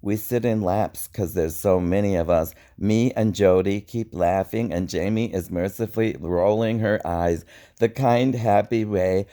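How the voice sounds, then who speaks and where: Man, spoken-word poetry, unhurried, mellow tone, wry and reflective. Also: lowish voice. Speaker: poet.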